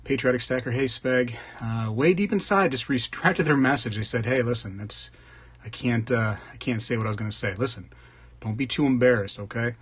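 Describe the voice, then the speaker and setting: A man's voice: medium pitch, a little fast, husky. A man hosting a casual livestream, greeting viewers by name and joking along as he reads the chat. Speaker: livestream host. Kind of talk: casual live chat reading comments.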